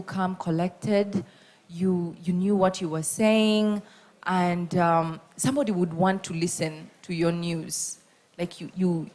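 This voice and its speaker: An animated woman gives feedback as a judge at a radio contest. Her voice sits a little low, and she leans hard on her main points and repeats them. She speaks like an experienced radio host coaching newcomers. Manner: animated, emphatic, repeats key points, acts out examples.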